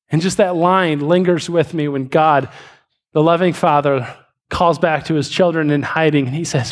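A man preaching a sermon, telling a story with many restarts and slowing down for emphasis. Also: on the high side. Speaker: pastor.

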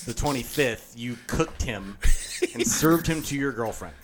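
A man co-hosting a comedy podcast, trading quick, teasing deadpan wisecracks in casual banter. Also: mid-range voice, background noise. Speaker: podcast co-host. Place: podcast studio.

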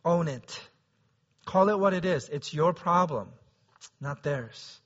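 A man's voice: fairly high pitch, lively intonation, slow, a bit bright, lo-fi sound. A man preaching a sermon as pastor, talking conversationally and often checking in with the listeners.

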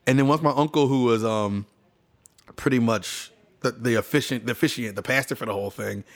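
A man's voice: medium pitch, a little fast. A man in casual chat, telling a story with energy and acting out what people said. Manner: animated storyteller who acts out quotes.

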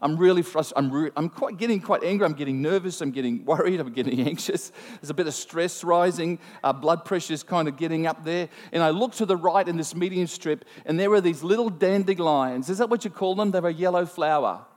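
A man preaching a sermon, telling a personal story in an animated, self-mocking way. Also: fairly high pitch, fairly quick, hardly any pauses. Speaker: pastor. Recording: long hall reverb.

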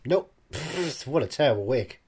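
A man's voice: medium pitch, lively intonation, unhurried, a little mellow, breathy edge. A man in casual chat, dry and sarcastic, swearing freely.

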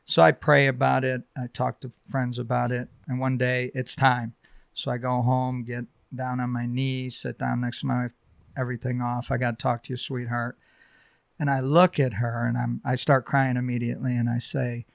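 A middle-aged man sharing a personal testimony on a podcast, halting and heartfelt, with many fillers. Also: medium pitch, completely flat delivery, creaky, no room sound. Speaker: podcast guest.

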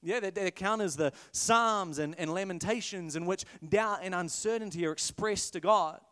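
Male pastor, high voice, chatty and playful sermon delivery, long hall reverb. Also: moderate pace, fairly bright tone. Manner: conversational, playful, self-correcting.

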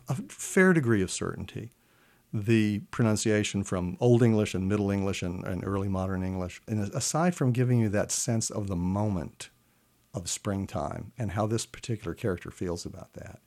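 A man, a literature scholar, talking through old English verse in a relaxed interview, sometimes reading lines aloud slowly with long, held vowels. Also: fairly low pitch. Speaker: literature professor guest. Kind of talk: animated explanatory chat with recitation.

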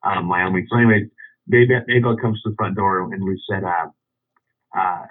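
A man's voice: low voice, normal speed. A man casually telling a long anecdote, rambling with many restarts and chuckles. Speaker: storyteller. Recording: phone-like radio line.

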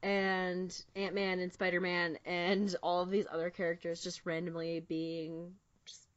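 A woman's voice: on the low side, monotone, no room sound, dull audio. A young woman chatting casually as a podcast co-host, giggly and gushing, with lots of fillers. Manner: giggly, quick, gushing fan talk with many fillers. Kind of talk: casual chat.

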